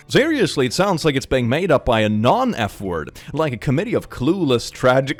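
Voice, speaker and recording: Guy at home riffing on memes, super animated, goofy and joking around. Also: medium pitch. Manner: animated and jokey, laughs often, drops into silly voices. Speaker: YouTuber reading memes. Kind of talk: casual commentary on memes.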